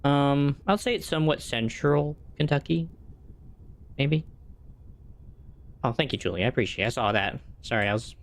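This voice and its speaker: A man's voice: medium pitch, normal speed, pauses often. A young man streaming a game, chatting casually with his viewers and thinking aloud in a rambling way. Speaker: gaming streamer. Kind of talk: casual live-stream chat while playing.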